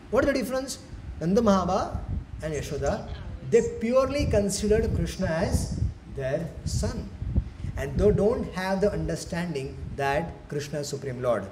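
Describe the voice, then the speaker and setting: A man giving a devotional lecture in a temple hall, telling stories animatedly with frequent restarts. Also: sits high. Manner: animated storytelling, many restarts. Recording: echoey hall, faint noise.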